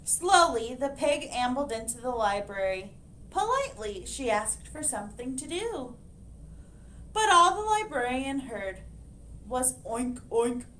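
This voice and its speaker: A woman librarian reading a picture book aloud to children, expressive and animated, pointing out the pictures. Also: high voice, measured pace, slight background noise.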